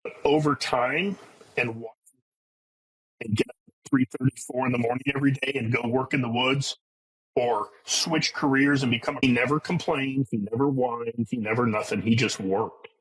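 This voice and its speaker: A man's voice: mid-range voice, steady tone, moderate pace, fairly bright tone, husky, poor audio. A middle-aged man as a podcast guest, telling his life story in a blunt, earnest way with casual profanity. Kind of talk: candid personal storytelling.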